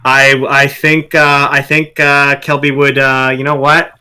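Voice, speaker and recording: A man playing his character in a tabletop role-playing game, talking in a halting way with many fillers and restarts. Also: medium pitch, completely flat delivery, bright, forceful tone. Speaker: tabletop player.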